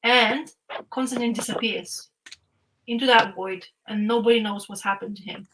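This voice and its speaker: Bright-voiced woman rambling about comics. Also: on the high side, normal speed, slight background noise, poor audio. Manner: rambling, animated storytelling with frequent fillers and restarts. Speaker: podcast co-host. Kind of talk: casual chat retelling a comic plot.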